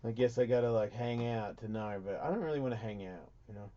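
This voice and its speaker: A man's voice: on the low side, quick pace, dull audio. A man hosting a radio talk show, rambling and swearing through crude banter. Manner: profane, rambling, loud bursts of laughter.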